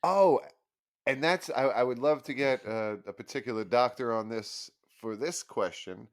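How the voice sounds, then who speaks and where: A man's voice: mid-range voice, moderate pace. A man co-hosting a podcast in casual chat, making wry, sarcastic quips about a movie. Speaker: podcast co-host.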